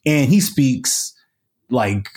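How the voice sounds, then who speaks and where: A man's voice: medium pitch, lively intonation, very slow, a little mellow. A man, a podcast guest, telling a story in a casual, colloquial way with lots of fillers and restarts. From United States.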